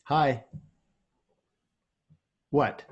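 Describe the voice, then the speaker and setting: A man's voice: drawn-out words, dull audio, a little hiss or hum. A man co-hosting a casual live video chat, teasing and wry.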